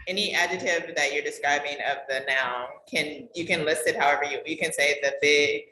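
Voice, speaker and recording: A woman student asks hesitant questions about word order in an online class. Her voice is very low but bright and sharp. It rings in an echoey room with faint background noise. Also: steady tone, fairly quick. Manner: hesitant, searching for words. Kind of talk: asking questions in a lesson.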